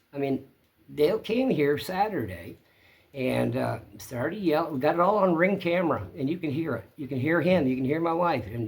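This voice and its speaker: A man's voice: medium pitch, a little mellow. Plainspoken man telling a story. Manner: plainspoken, rambling retelling. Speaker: channel host. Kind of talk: casual storytelling to camera.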